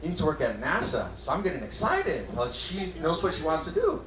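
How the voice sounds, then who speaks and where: A man in his thirties performing a stand-up comedy set on a club stage, acting out his family's lines in quick animated bursts. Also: a little high. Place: comedy club stage before a live audience. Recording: roomy club sound.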